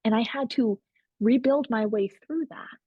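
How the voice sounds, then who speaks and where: A woman's voice: fairly high pitch, measured pace, husky, dry recording, phone-quality sound. A woman guest on a podcast, telling her story candidly and animatedly, acting out what others said. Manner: candid, animated, quotes others in shifting voices. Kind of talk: casual storytelling.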